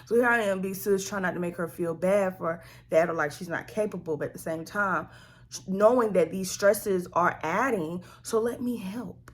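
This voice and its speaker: A woman vlogger telling a family story in a slangy, animated, conversational way. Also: fairly low pitch, normal speed. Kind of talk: storytime vlog.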